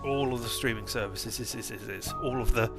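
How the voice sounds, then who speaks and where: A man's voice: mid-range voice, brisk, creaky, music in the background. A man streaming a game, chatting casually in a rambling, jokey way full of digressions. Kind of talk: casual let's-play chat.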